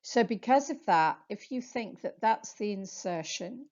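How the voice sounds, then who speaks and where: A woman therapist giving a slow, patient anatomy lecture on slides, spelling out muscle names for practice. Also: medium pitch, expressive, a little mellow. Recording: dull lo-fi sound.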